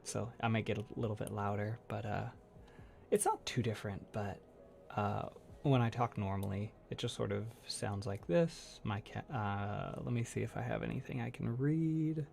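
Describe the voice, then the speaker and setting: A man who makes ASMR content hosts a casual livestream chat, soft-spoken and rambling, often laughing as he answers chat. His voice is on the low side with vocal fry, at a normal speed.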